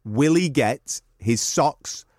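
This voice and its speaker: Lively, teasing male podcast host. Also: medium pitch, slow pace, no echo, studio quality. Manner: teasing, animated, jokey. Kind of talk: casual banter.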